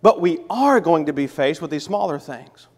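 A man's voice: fairly high pitch, lively intonation, moderate pace, a little mellow, in a large hall. A man reading a Bible passage and then explaining it as a lesson, often correcting himself mid-sentence. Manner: reads scripture then explains it, with restarts and self-corrections. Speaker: Bible teacher.

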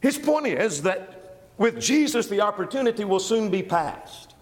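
A man preaching an expository sermon, walking through verses with emphatic, animated delivery. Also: sits high, a little slow, big-room sound. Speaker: pastor.

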